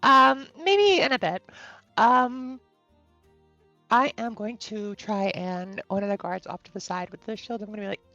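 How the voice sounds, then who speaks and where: A woman's voice: mid-range voice, a little slow, bright, forceful tone, dry recording, highs cut off, faint music behind. A woman playing in a tabletop game, talking in a casual, jokey way. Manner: playful, jokey. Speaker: player. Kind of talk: casual tabletop gaming chat.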